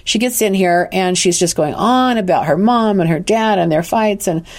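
A woman's voice: medium pitch, normal speed. A woman who works as an intuitive counselor, earnestly telling a personal story on a podcast and often restarting her sentences. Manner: earnest, animated retelling with frequent restarts.

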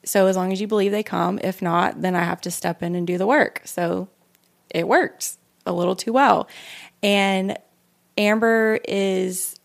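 A middle-aged woman co-hosting a podcast, telling a story about her kids in a relaxed, matter-of-fact way. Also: medium pitch, unhurried, gravelly. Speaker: podcast co-host. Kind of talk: casual chat.

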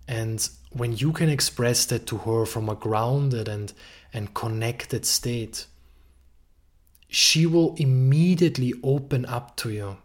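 A man's voice: mid-range voice, measured pace. A man hosting a podcast, giving an earnest relationship-coaching monologue and swearing freely for emphasis.

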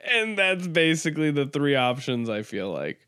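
A man's voice: fairly high pitch, big pitch swings, normal speed, pushed and bright, clean tone, no room sound, studio quality. A man hosting a comedy podcast, talking casually in a rambling, crude, joking way with lots of fillers. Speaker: podcast host.

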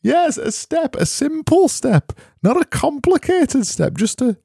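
A man putting on a shrill falsetto voice for a fussy, rambling figure. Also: big pitch swings, unhurried, creaky, warm tone, no room sound, studio quality, exaggerated voice. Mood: fussy musing.

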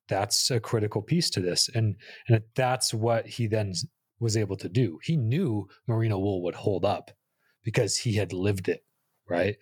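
A man's voice: lowish voice, breathy edge, dry recording, clean studio sound. A man co-hosting a podcast, explaining his points in a casual, reflective way. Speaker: podcast co-host. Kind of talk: casual chat.

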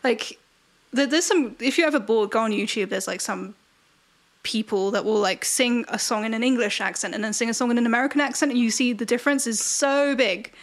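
A woman co-hosting a music podcast, talking in a casual, animated way and laughing often. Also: a little high, a little fast. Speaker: podcast co-host and music reviewer. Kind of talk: casual chat.

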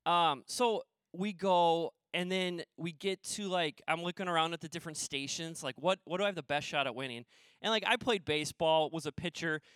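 A man's voice: on the high side, normal speed, fairly bright tone, smooth, no echo. A forty-year-old man from Minnesota, a pastor opening his sermon with rambling, self-deprecating stories full of ums. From Minnesota, USA. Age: 40s. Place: church sanctuary stage.

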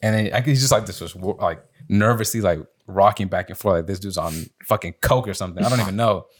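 This young man's voice sits on the low side, with a breathy edge, and he talks fast. Co-hosting a podcast, he tells a story casually among friends, swearing often and voicing quotes loudly.

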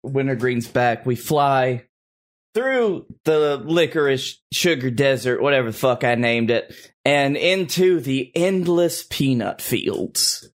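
A man's voice: mid-range voice, animated, slow pace. A man narrating a comedic tabletop game as game master, rambling with lots of fillers. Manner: rambling, hesitant, with many fillers.

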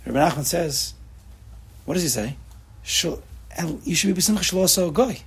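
A man in his forties from the New York area, giving a casual Torah lesson with rapid rhetorical questions and frequent restarts. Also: on the high side, lively intonation, vocal fry, slightly rough. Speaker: Torah class teacher.

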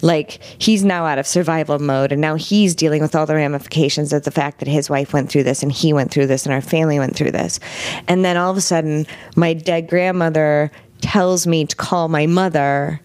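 Low-voiced woman telling her story frankly. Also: fairly quick, no room sound. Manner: frank, animated, vivid retelling with quoted dialogue. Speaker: interview guest. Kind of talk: candid personal storytelling.

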